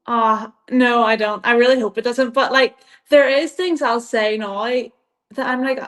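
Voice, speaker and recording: Young woman, Irish accent, higher pitch, casual rambling interview chat, laughs a lot. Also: steady tone, moderate pace, a bit bright. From Ireland. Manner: rambling, laughs often, lots of "like". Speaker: guest athlete.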